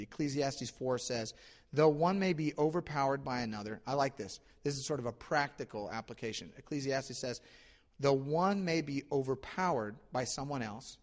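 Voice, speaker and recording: Male pastor, conversational sermon, animated storyteller, medium pitch, long hall reverb. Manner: conversational, animated retelling with many restarts.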